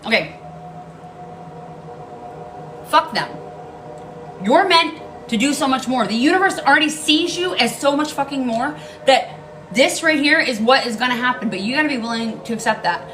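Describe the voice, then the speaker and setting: Animated and a little fast, a woman tarot card reader speaks in a high-pitched, slightly bright voice, with some hiss or hum on a rough recording. Her casual reading is blunt and emphatic, with plenty of swearing and key lines said more than once.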